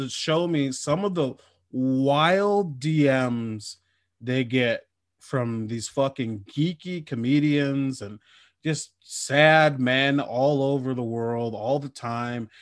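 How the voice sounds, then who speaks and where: A man's voice: medium pitch, slow pace, no echo. Guy riffing on a podcast, swears a lot, jokey, dead dry sound. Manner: profane, jokey, riffs in mock voices. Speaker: podcast co-host. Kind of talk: casual comedic podcast chat.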